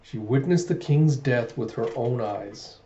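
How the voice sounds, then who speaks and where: A man voicing a calm, ruthless young usurper as he reads a manga aloud. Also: mid-range voice, unhurried, natural voice. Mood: cold. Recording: echoey room, dull lo-fi sound.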